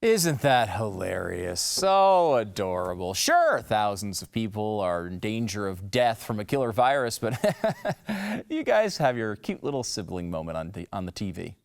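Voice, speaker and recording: A man hosting a political commentary show, talking in a mocking, sarcastic way with loud jabs and muttered asides. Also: lowish voice, sing-song, measured pace, creaky.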